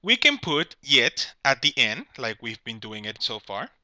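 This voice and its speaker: In a dry recording, a male teacher walks through English grammar at an unhurried pace, his medium-pitched voice sing-song, bright and forceful. He explains with patience, asks "all right?" to check understanding, and fixes his own wording mid-sentence.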